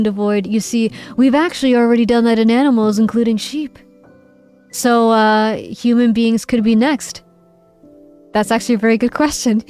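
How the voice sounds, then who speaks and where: A woman's voice: fairly high pitch, darkish tone. A woman streamer in a casual livestream chat, playful and giggly, reading viewers' messages aloud. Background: faint background music.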